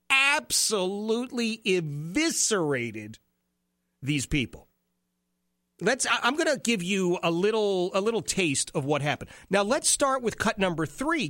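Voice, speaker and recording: A man hosting an opinionated talk show, giving animated, sarcastic commentary. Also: high voice, no room sound. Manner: animated, sarcastic, mimics people he quotes.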